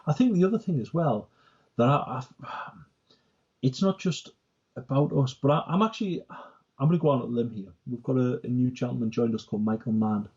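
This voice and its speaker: Chatty guy co-hosting a business podcast, mellow husky voice, keeps saying right? yeah?. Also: medium pitch, a little fast, highs cut off. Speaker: company director, co-host. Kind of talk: casual business podcast chat.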